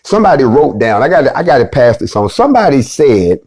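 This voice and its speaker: A man teaching an online class in a fiery preaching style. He calls out to his listeners again and again, building up in loud, high bursts before dropping to a low hush. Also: big pitch swings, quick pace, hardly any pauses, breathy edge. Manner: emphatic, repetitive, rallying the listeners with call-outs; sharp swings between loud high bursts and low hushed drops.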